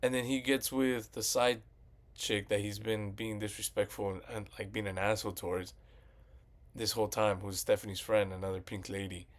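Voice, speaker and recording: A man's voice: lowish voice, level tone, moderate pace. Profane rambling young man ranting about movies. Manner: profane, rambling, retells scenes with quoted voices. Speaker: movie commentary vlogger. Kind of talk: casual movie rant.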